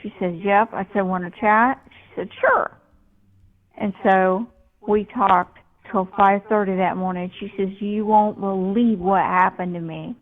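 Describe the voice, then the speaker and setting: A woman's voice: mid-range voice, fairly even intonation, measured pace. A woman telling a personal story on a live show, rambling, with many fillers and restarts. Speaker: guest storyteller. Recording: tinny phone-line call.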